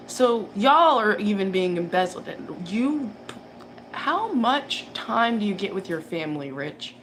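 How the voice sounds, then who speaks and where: A woman's voice: mid-range voice, sing-song, unhurried, fairly bright tone. A woman reader talking casually in a rambling, profane monologue, laughing often as she rants. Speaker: tarot reader. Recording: background noise.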